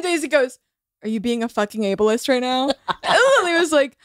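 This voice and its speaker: A young woman with a high voice is a guest on a podcast and tells a story. She laughs a lot while she talks and acts out what people said. The sound is dry and close. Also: animated, brisk, dry recording. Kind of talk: casual chat.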